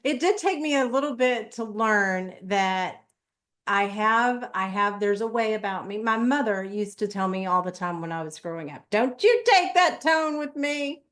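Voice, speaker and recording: A woman hosts a podcast in a relaxed, conversational way. She laughs often and pokes fun at herself as she talks. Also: medium pitch, normal speed. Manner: laughs often, self-deprecating. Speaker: podcast host.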